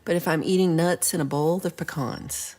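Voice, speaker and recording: A woman's voice: deep voice, normal speed, darkish tone. Chatty woman on a livestream. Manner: chatty, rambling, playful, drops into whispered asides. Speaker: livestream host. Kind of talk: casual livestream chat reading viewer comments.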